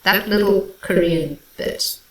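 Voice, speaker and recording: A woman's voice: mid-range voice, slow pace, echoey room. A woman who is a classical singer, chatting casually as she analyses a song and scat-sings rhythms to explain them. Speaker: classical singer reacting to music. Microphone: home microphone.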